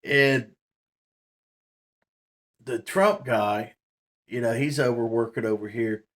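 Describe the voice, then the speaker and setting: A man's voice: mid-range voice, slow pace, fairly bright tone. A man telling a story to the camera in a rambling, casual way, with lots of fillers and laughs. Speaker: vlogger.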